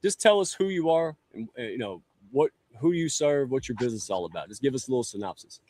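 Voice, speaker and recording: A man's voice: mid-range voice, expressive, quick pace, mellow, no room sound. A man hosting a live online show, chatty and joking in a folksy way. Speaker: talk show host. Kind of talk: lively livestream hosting. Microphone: live stream setup.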